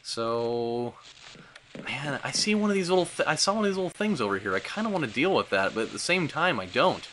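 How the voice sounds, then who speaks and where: A young man hosting a let's play, giving sarcastic, excitable gameplay commentary with frequent swearing. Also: medium pitch, fairly quick, slight background noise.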